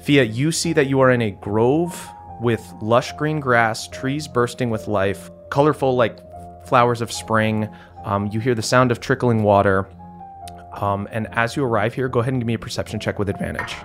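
A man narrating as game master of a tabletop role-playing game, relaxed and descriptive with frequent fillers. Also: mid-range voice, moderate pace. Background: soft background music.

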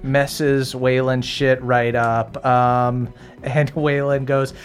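A man's voice: mid-range voice, little pitch movement, slow pace. A man serving as game master for a tabletop game, narrating attacks and damage in a loose, rambling way. He pads his sentences with plenty of fillers, and faint music plays behind him. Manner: casual, rambling, many fillers and laughs.

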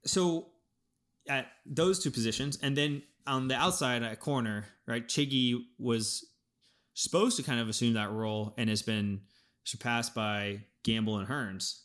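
A man co-hosting a sports podcast, thinking aloud in an animated way with frequent restarts as he breaks down his team's football season. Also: mid-range voice, measured pace. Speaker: podcast co-host. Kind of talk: casual sports podcast analysis.

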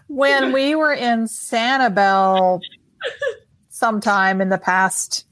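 Slow-talking woman co-host on a video call. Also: on the high side, fairly even intonation, fairly bright tone, no echo. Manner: laughing, self-mocking. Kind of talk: casual chat.

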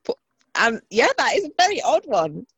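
A woman talks frankly on a podcast, her voice bouncing up and down in pitch as she gets flustered about her plans. The sound is close and dry, with almost no room around her. She swears casually and leans on fillers like "um" and "so". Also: very animated, normal speed, a bit bright, slightly rough, no echo. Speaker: podcast co-host. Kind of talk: casual chat.

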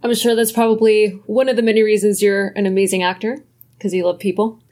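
A woman's voice: mid-range voice, little pitch movement, fast, darkish tone. A woman hosting a podcast, friendly and complimentary as she asks questions. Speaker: podcast host. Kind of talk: podcast interview.

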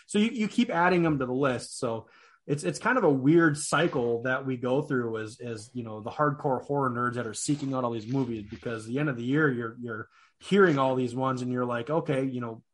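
A man hosting a casual horror movie podcast, rambling and repeating words, with a few swears. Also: medium pitch. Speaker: podcast host.

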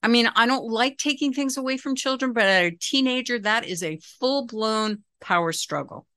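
A middle-aged woman, a parenting expert, calmly explaining advice in a casual talk and acting out what a parent might say. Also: fairly high pitch, normal speed, dry recording. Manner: calm, explanatory, acts out quoted dialogue.

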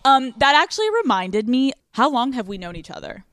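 A woman's voice: high voice, animated, fairly quick, fairly bright tone, no room sound, clean studio sound. A woman in her late twenties hosting a podcast, bubbly and chatty, swearing freely in casual chat with a friend. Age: late 20s. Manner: bubbly, swearing, frequent laughing. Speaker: podcast host.

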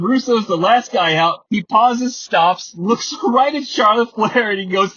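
Husky high-voiced man, wry, keeps laughing. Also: expressive, measured pace, pushed and bright, no echo. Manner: laughs often, wry, rambling asides. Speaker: podcast host. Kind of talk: comedic wrestling recap. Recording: dry, slightly muffled podcast mic.

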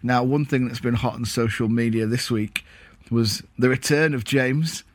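A man co-hosting a casual football podcast from home, jokey and quick to laugh at himself. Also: mid-range voice, steady tone, no room sound. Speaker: podcast co-host. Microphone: recorded at home.

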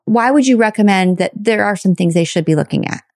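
A middle-aged woman hosts a casual interview podcast, chatty and candid with a self-mocking streak. Her voice sits at an ordinary pitch and sounds dry and close, with no room around it. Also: lively intonation, fairly quick, darkish tone, no room sound. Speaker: podcast host.

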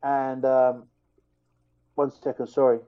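A man, a fighter, telling a heated story in casual podcast talk, animated and full of restarts. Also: medium pitch, slow pace, lo-fi sound. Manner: animated, fired-up retelling with many restarts.

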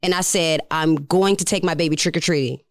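A woman's voice: sits low, steady tone, fairly quick, no echo, studio quality. Blunt, storytelling woman podcaster. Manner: candid storytelling, salty and blunt. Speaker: podcast co-host. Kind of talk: casual chat.

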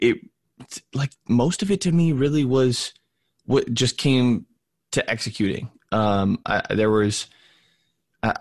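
A man co-hosting a basketball podcast, groggy with his morning voice and rambling through halting restarts. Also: on the low side, gravelly, no room sound. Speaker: podcast co-host. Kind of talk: casual sports podcast chat.

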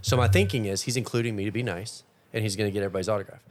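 Fast-talking teasing podcast host. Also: male voice, on the low side. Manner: teasing, lively storyteller. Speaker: podcast host and rodeo roper. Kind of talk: casual podcast interview.

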